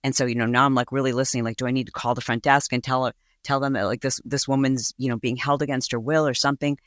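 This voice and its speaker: A woman's voice: rumbling low, fairly even intonation, fast talker, no room sound, studio quality. A woman hosting a podcast, telling a story in a casual, gossipy way and acting out voices in quotes. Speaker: podcast host.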